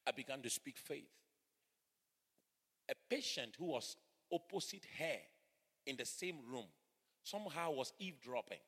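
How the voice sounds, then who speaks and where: Male pastor, middle-aged, bright cutting voice, fervent sermon that drops low then shouts, long hall reverb. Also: lively intonation, measured pace, pauses often, husky. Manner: fervent preaching that swings from hushed to shouting. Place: church hall.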